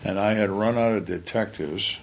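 An older man, a retired police lieutenant, telling his stories in conversation in a blunt, plainspoken way with halting restarts. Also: on the low side, gravelly, a little hiss or hum. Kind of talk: storytelling in a conversation.

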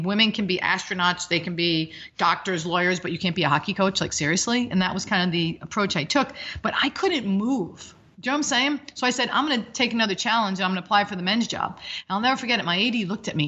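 Woman, fifties, bright voice, energetic, rambling, interview guest, dull recording. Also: medium pitch. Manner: energetic, rambling, animated storytelling. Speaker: hockey coach guest. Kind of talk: casual interview chat.

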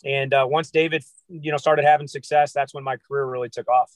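Lively American man, dry close sound. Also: medium pitch, brisk, no echo, poor audio. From United States. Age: 30s. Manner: lively storyteller who acts out quotes. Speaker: guest, basketball trainer. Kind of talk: casual podcast interview. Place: inside a car.

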